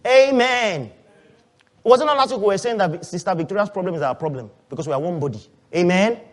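A man with a high voice preaches a sermon to his church. He swings between loud, rising calls and quiet, hushed asides, and he keeps asking the congregation questions. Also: expressive, fairly quick. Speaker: pastor.

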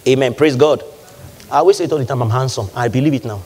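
A man preaching a sermon in an animated call-and-response manner, leading the congregation in repeating his words. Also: mid-range voice, fast talker, soft background music.

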